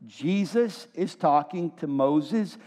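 A man preaching a sermon in a church hall, lively, asking his listeners questions and acting out quotes. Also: on the high side, slow. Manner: lively, asks the room questions and acts out quotes. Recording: long hall reverb.

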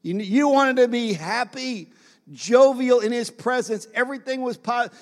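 A man's voice: very high-pitched, a little slow, big-room sound. A man preaching a sermon as pastor, speaking to the congregation with repeated phrases and questions.

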